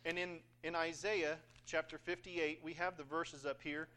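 A man's voice: on the high side, level tone, moderate pace, bright, forceful tone. A man preaching a sermon in a conversational, joking way, acting out scripture passages. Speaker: pastor.

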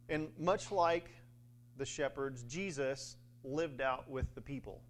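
A man's voice: medium pitch, takes it slowly. A man preaching a sermon in a conversational way, with fillers and little acted-out quotes.

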